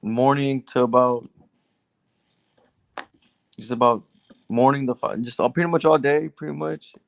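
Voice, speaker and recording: A man's voice: mid-range voice, steady tone, a little slow, creaky, no echo. A man seeking advice, telling his story at length with restarts. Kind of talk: casual conversation.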